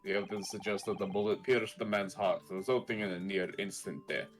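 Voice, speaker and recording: Man reading a haughty prosecutor, low voice, formal, measured, cold. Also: steady tone, over music, close to an everyday voice.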